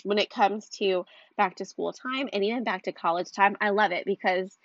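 A woman's voice: mid-range voice, moderate pace, no echo, dull audio. A young woman talking casually to camera as a mom vlogger, rambling with lots of fillers and a stuffy nose.

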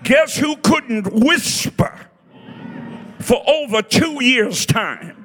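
A preacher in his sixties with a very high, bright voice, shouting his sermon in slow, drawn-out bursts. He shouts and exhorts the crowd over faint music in the background. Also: expressive. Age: 60s.

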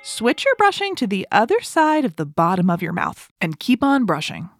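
A woman's voice: mid-range voice, huge pitch swings, normal speed. A woman hosting a children's toothbrushing show, upbeat and instructive. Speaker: host.

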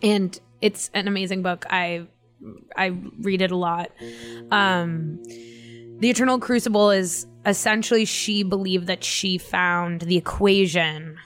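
A woman chatting casually, telling family stories in an animated way, with frequent laughs and swearing. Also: fairly low pitch, measured pace, soft background music. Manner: animated storytelling, swears freely, laughs often. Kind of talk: casual chat.

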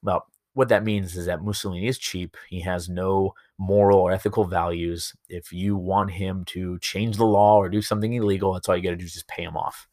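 A man teaching history over slides in a relaxed, storytelling way, with many fillers and asides. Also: sits low, a little fast, few pauses, dry recording, clean studio sound. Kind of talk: recorded lecture over slides.

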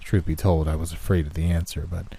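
A man with a low, dark and mellow voice narrates a horror story in a measured, steady way. Rain and thunder roll behind him. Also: gravelly, husky.

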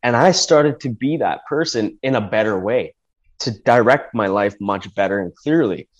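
A man's voice: fairly low pitch, lively intonation, moderate pace, muffled recording. A man telling a personal story in a casual, rambling way, with restarts, often acting out what people said.

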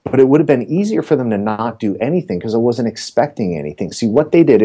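Mellow-voiced man telling a joking story. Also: medium pitch, slightly rough. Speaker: real estate coach, podcast guest. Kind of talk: casual storytelling interview.

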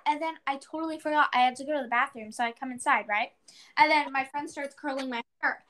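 A woman's voice: high-pitched, fairly quick, fairly bright tone. A teenage girl co-hosting a podcast in casual chat, rambling through a story with lots of "like"s and acting out her own exclamations. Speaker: podcast co-host.

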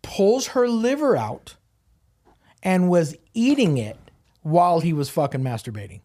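A man's voice: fairly high pitch, sing-song, measured pace, warm tone. A man from Southern California, a crime scene cleaning business owner, telling blunt, profanity-laced stories as a podcast guest. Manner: profane, blunt, swears constantly. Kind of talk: casual podcast storytelling.

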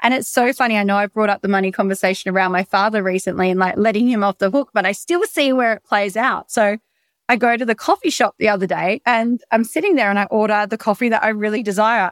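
Energetic, foul-mouthed Australian woman podcasting. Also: mid-range voice, fast talker, no echo. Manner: energetic, swears freely, chatty storytelling. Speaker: podcast host. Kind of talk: casual solo podcast monologue. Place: bedroom.

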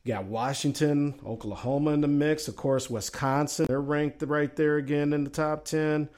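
A man with a Southern drawl hosts a laid-back sports talk show. His voice sits a touch higher than most men's, and he rambles in a folksy way, musing over teams and reading out chat comments. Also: steady tone, moderate pace, darkish tone.

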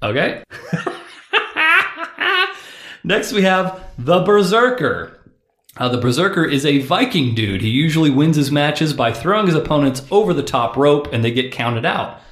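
A man's voice: fairly high pitch, animated, measured pace, pauses often, a bit bright, roomy sound. A man hosting a casual podcast chat, explaining things to a friend and laughing often. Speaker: podcast host.

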